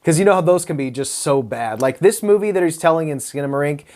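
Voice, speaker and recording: A man's voice: on the high side, fast talker, a little mellow. A man hosting a casual movie-review podcast, rambling, searching for words and swearing freely. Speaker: podcast host.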